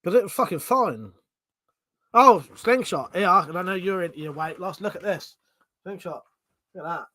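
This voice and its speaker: A man's voice: high-pitched, expressive, normal speed, pauses often, sharp tone, dry recording, studio quality. A British man hosting a casual livestream, reading viewers' comments aloud and bantering with loose, swearing chatter. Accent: British English. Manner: swears freely, rambling, banter with chat. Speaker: livestream host.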